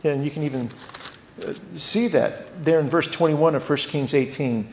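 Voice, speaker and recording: Lively man teaching a church Bible class. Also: on the high side, moderate pace, reverberant. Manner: animated, repeats words, acts out quotes. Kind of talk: theology class lecture.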